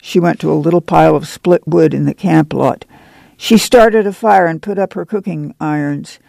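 A man reads a novel aloud in a measured, steady storytelling manner. His voice is deeply gravelly with a dark, mellow tone, pitched slightly above the usual for men. The recording is dry and close. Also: no echo. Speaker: audiobook narrator. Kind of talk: scripted literary narration.

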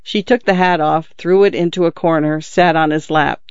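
A man reads a literary short story aloud with measured, even delivery. His voice sits slightly high for a man. The recording is dry, close and a little muffled. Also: smooth, no echo. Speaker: narrator. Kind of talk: audiobook narration of a literary story.

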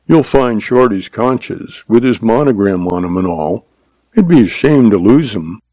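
A man's voice: lowish voice, expressive, a little slow, mellow, no echo. A man voicing a cocky cowboy puncher who drawls and mocks his enemies. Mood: mocking. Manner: drawling, mocking.

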